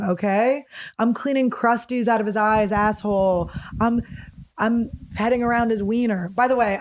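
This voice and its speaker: A woman hosting a comedy podcast alone, telling crude, animated, self-mocking stories in a casual monologue. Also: medium pitch. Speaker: podcast host.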